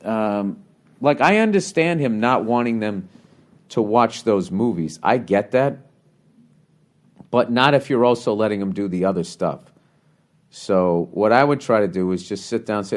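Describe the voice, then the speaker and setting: A man's voice: fairly low pitch, animated, a little slow. A middle-aged man hosting a podcast, bluntly giving casual advice on a listener's letter with lots of swearing and rambling asides. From United States.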